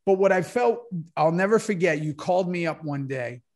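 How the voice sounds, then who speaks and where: A man co-hosting a podcast, casually telling an animated anecdote with plenty of swearing. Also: high-pitched, normal speed, faint music behind. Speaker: podcast co-host. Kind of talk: casual chat, storytelling.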